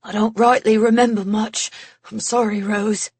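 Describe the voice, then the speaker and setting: A woman voicing a solid ink creature man with an English accent, soft-spoken and apologetic, overwhelmed by his situation. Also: mid-range voice, flat delivery, normal speed, husky, no room sound. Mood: shaken. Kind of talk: audiobook character voice.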